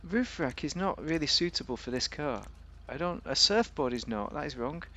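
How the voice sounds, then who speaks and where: A man's voice: a little high, expressive, moderate pace, a bit bright. Chatty man reviewing a game car. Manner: chatty, rambling, jokey. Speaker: game video host.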